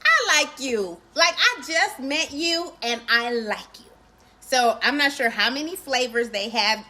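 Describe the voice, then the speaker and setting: Woman chatting on a livestream, high bright voice, laughs a lot, says hey to viewers. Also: animated, unhurried. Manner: chatty, greets viewers by name, laughs often. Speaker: livestream host. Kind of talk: casual livestream chat with viewers.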